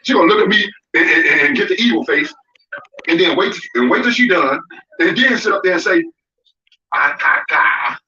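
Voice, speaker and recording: High, fast-talking complaining man. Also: animated, sharp tone. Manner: complaining, rambling and repetitive. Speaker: parent in a played clip. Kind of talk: complaining casual talk. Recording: echoey, distant, lo-fi clip.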